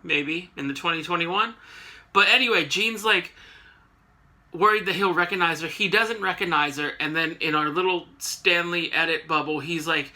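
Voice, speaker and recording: Sarcastic man recapping comics, bright voice. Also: sits high, unhurried. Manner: sarcastic, joking asides. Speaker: comic book reviewer.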